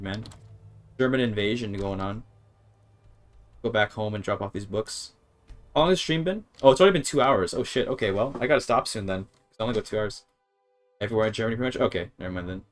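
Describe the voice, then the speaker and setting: Guy streaming a game, kinda low voice, rambling out loud, sounds words out slow, swears a bit, soft music behind. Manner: thinks aloud, sounds out words haltingly, swears casually. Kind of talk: casual live-stream gameplay chatter.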